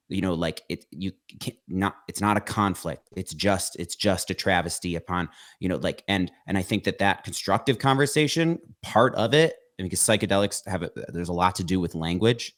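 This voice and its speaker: A young man with a very low voice talks in a casual conversation. He stops, restarts and repeats words as he searches for what to say. He stays earnest, and at times heat comes into his voice. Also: moderate pace, no room sound, clean studio sound. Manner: earnest, emotionally heated at times. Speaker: podcast guest.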